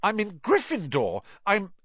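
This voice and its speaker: A man's voice: high-pitched, wildly swooping pitch, unhurried, fairly bright tone, slightly rough, no echo, voice pushed up, full character voice. A man voicing an earnest, anxious young boy wizard who talks in an urgent, pleading way, on a dull lo-fi recording.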